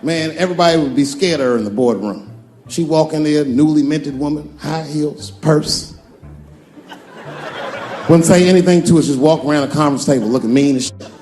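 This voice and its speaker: A man's voice: on the high side, normal speed, mellow. A middle-aged man doing stand-up comedy on stage, telling loose, profane stories full of acted-out quotes. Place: comedy stage before a live audience.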